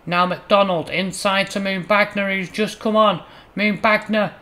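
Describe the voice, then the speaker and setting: A man with a high, light voice runs a gaming channel and calls his own football game matches like a broadcast commentator. He keeps an easy patter through the build-up and jumps sharply louder when a shot goes close or the ball hits the net. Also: unhurried. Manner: excitable, bursts loud on chances and goals. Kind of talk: playful mock match commentary over gameplay.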